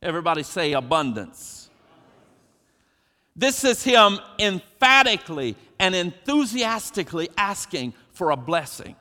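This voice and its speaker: A man's voice: sits high, sing-song, a little slow, sharp tone. A man preaching a sermon as pastor, emphatic and preacherly, putting questions to his congregation. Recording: long hall reverb.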